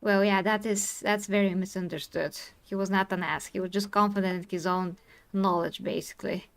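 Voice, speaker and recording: Woman streamer, earnest and insistent, middle pitch, tired edge. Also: steady tone, vocal fry. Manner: earnest, insistent, quick to apologize. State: tired from talking. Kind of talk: live stream discussion.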